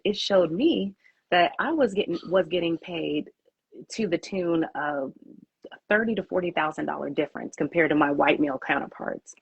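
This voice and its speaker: Lady pr founder answering in an interview, husky low-ish voice, dry muffled audio. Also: no echo. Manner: candid storytelling, acts out her own inner thoughts. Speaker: PR agency founder.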